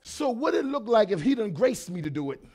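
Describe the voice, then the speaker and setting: A pastor in his fifties preaching a sermon, swinging between shouted lines and quieter talk, with lots of repetition. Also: high voice, very animated, a little fast. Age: 50s.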